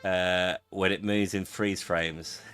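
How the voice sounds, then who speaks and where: A chatty man riffs and reacts while he plays through an old shooter, his voice pitched a little low yet bright and punchy. Faint music sits behind his talk. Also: flat delivery, slow. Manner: chatty, jokey, reacts aloud to the game. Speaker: gaming streamer. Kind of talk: casual gameplay commentary.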